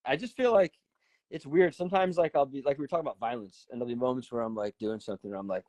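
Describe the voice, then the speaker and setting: A man hosting a casual chat, talking in an animated, profane, rambling way full of fillers. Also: mid-range voice, rapid-fire, no echo. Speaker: host.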